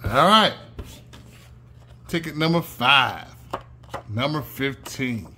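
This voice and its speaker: Guy scratching lottery tickets on his channel, bright fairly high voice, chanting numbers sing-song. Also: sing-song, unhurried, long pauses. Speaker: channel host. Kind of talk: casual scratch-off ticket commentary.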